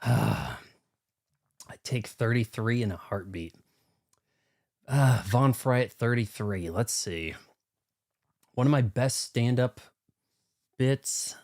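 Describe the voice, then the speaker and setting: A man's voice: mid-range voice, sing-song, takes it slowly, pauses often, a little mellow. A young man streaming a video game live, chatting casually with viewers in a rambling, self-mocking way. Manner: rambling, self-deprecating, talks to chat.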